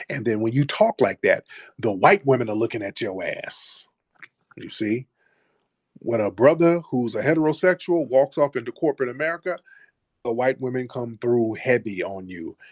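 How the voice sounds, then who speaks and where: A man's voice: medium pitch, expressive, normal speed, no echo. A man hosting a call-in talk show, speaking bluntly and mocking callers. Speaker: host.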